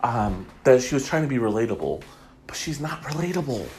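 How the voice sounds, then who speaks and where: A man's voice: mid-range voice, lively intonation, fairly quick, a little mellow, a little hiss or hum. A man hosting a casual gossip podcast, talking in a chatty way with frequent ums and reading items aloud. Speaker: podcast host.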